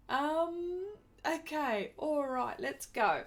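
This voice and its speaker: A fairly high-voiced Australian woman chats her way through an art live stream. Her talk is loose and friendly, and her voice jumps up brightly whenever she greets a viewer by name. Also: animated, very slow. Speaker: art livestream host. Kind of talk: casual live stream chat while drawing.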